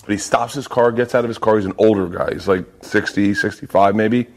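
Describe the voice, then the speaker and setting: A man's voice: on the low side, fairly even intonation, fairly quick, slight background noise. A man hosting a podcast, telling stories in a loose, profane, joking way. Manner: profane, storytelling. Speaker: podcast host; stand-up comedian. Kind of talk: casual chat.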